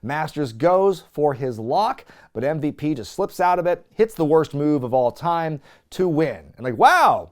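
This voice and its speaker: Male host for comedy recaps: sarcastic and profane, with a voice on the higher side that swings up and down a lot. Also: unhurried. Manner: sarcastic, swears freely; laughs often, gets excited.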